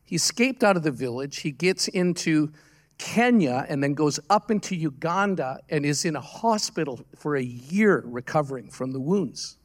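A man preaching a sermon as pastor, telling stories in a conversational, earnest way with halting restarts. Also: fairly high pitch, lively intonation.

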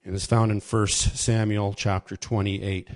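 A man preaching a casual sermon, telling a story with quick voiced asides and chuckles. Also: fairly low pitch, flat delivery, a little mellow.

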